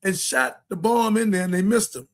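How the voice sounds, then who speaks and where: High-voiced man giving a preachy rant. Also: normal speed, creaky. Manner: preachy, rambling, emphatic. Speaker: talk show host. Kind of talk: impassioned political monologue.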